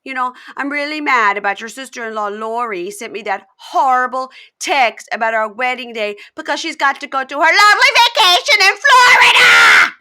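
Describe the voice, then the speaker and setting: A woman putting on an impression of a furious, tearful reality-TV bride who turns shrill and shouts. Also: expressive, slow, full character voice. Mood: angry, wailing. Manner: shrill, swings from sweet to screaming.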